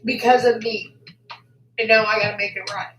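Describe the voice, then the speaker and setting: A woman rants on a livestream, furious and profane. She swings between shouting and a low, seething voice, with a bright, fairly high tone. The room is echoey and faint music plays behind her. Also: level tone, normal speed, slight background noise. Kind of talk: angry livestream rant.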